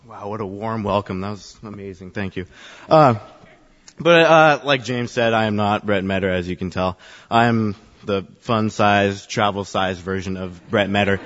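A man's voice: fairly low pitch, moderate pace, fairly bright tone. A man on church youth ministry staff telling a self-deprecating personal story to a congregation, chatty and full of fillers. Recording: echoey hall, dull sound.

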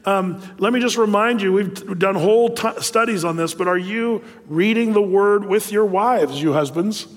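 A man's voice: high-pitched, normal speed, few pauses, long reverb tail. A middle-aged man preaching a sermon as a pastor, talking in a loose, conversational way with many fillers and asides.

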